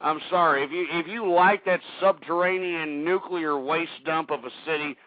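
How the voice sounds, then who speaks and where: A hoarse man with a high-pitched voice rants on his own talk radio show, indignant and swearing as he harangues his listeners. The sound is thin and phone-like, as if carried down a telephone line. There is no room echo at all. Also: normal speed. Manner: ranting, indignant, swearing, addresses listeners as folks.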